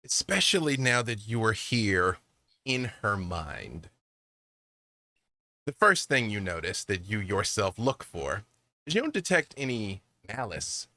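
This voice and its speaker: Casting: male game master, lively pitch, bright forceful voice, dry close sound. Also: normal speed, no room sound. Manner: descriptive, animated narration with fillers. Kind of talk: narrating a tabletop game.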